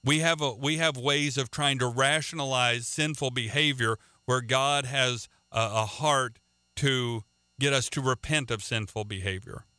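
A man's voice: medium pitch, measured pace, sharp tone, smooth, dry recording. A man preaching a radio sermon in an earnest way, often repeating words and restarting sentences.

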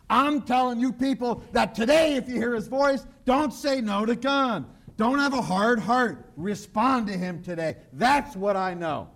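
A man preaching a sermon in a high voice. He talks emphatically and keeps repeating himself, and now and then he drops low and quiet for an aside. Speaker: pastor. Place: church broadcast on radio and online.

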